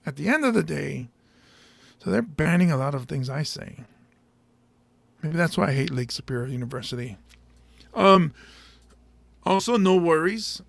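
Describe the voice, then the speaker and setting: A man's voice: on the high side, lively intonation, moderate pace, gravelly, pauses often, no room sound. A male stand-up comedian chatting casually with his audience, rambling and joking and laughing often. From Samoa. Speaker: stand-up comedian hosting a show.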